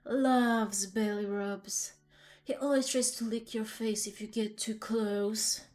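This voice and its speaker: A woman reading a deadpan dog-shelter lady. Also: on the high side, slow, faint music behind. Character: dry middle-aged woman, dog shelter volunteer.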